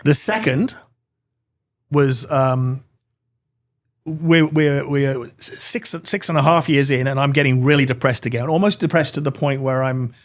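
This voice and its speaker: A man's voice: medium pitch, measured pace. Earnest middle-aged man telling his story. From Britain. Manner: earnest, animated, acts out dialogue. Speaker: interview guest. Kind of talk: personal storytelling in an interview.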